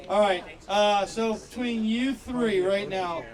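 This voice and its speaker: Guy hosting backyard comedy show, upbeat, lots of uhs, loud crowd all around. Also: high voice, a little slow. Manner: upbeat, many "uh" fillers. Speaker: show host. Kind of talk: emceeing a live show. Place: outdoor backyard patio show. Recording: loud crowd noise outdoors.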